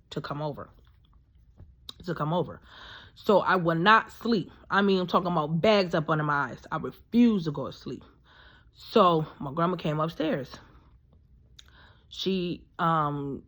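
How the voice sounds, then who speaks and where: A woman's voice: low-pitched, fairly bright tone. A woman in her thirties telling a personal story in a casual, rambling way, full of fillers and emphatic asides. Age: 30s.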